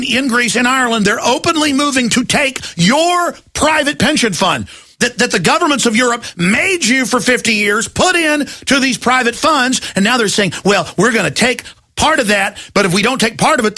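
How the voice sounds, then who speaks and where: A man hosting a talk radio show, yelling and ranting about politics and mocking what he opposes in put-on voices. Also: very high-pitched, expressive, normal speed. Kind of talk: impassioned political radio rant.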